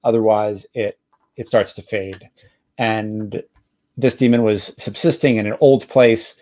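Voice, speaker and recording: A man's voice: lowish voice, fairly even intonation, darkish tone, no room sound. Jersey-accented man running a game, dry. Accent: New Jersey. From New Jersey. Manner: halting, self-correcting, laughs easily. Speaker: game master. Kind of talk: casual actual-play narration.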